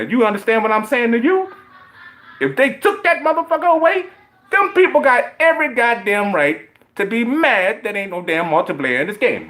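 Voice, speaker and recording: Animated man ranting, highly expressive pitch. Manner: profane, emphatic, swings between low mutters and loud high outbursts; repeats points, speaks directly to viewers. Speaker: gaming vlogger. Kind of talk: heated opinion rant.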